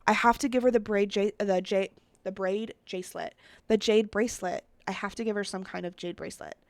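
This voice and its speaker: A woman creating Sims content talks a little fast in a steady, medium-pitched voice, with no room sound. She offers casual, chatty commentary on building characters, thinking out loud and often addressing the people watching.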